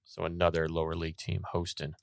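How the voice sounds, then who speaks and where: A man's voice: low-pitched, monotone, fast, gravelly, no room sound, clean studio sound. A man co-hosting a podcast, chatting enthusiastically about soccer with frequent restarts. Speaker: podcast co-host. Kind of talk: casual sports chat.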